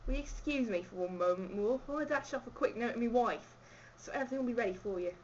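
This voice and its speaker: A woman's voice: a little high, quick pace, slight background noise, natural voice. A woman reading a flustered, fawning male town mayor in a put-on Cockney accent, on a dull lo-fi home video.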